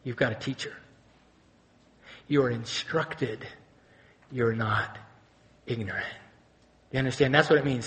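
With a fairly high-pitched voice, a male pastor preaches an animated sermon, moving from loud exclamations to quiet intensity. Along the way he asks the congregation rhetorical questions.

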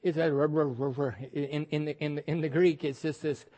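A man's voice: a little high, fairly even intonation, fairly quick, warm tone. A male pastor preaching a sermon with emphatic delivery, repeating words and acting out quoted voices.

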